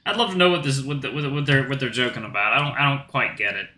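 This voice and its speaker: A man hosting a gaming channel who reads a visual novel aloud and thinks out loud in an animated, chatty way. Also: mid-range voice, quick pace, echoey room.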